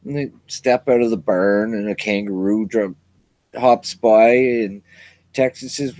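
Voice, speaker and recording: A man on a casual chat show, telling a joke as a slow and expressive storyteller. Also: on the low side, dry recording. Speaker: guest.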